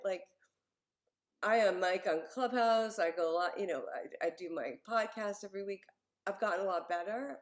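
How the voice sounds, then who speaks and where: A woman guest on a podcast interview, telling a personal story in an animated, expressive way with plenty of fillers. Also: mid-range voice.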